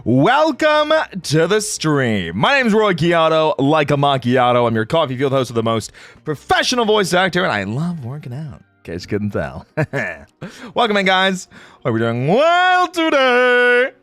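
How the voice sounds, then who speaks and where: A man's voice: fairly high pitch, very animated, normal speed, fairly bright tone, dry recording. A young man hosting a livestream, joking and greeting his chat by name in a playful, casual way. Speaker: streamer host.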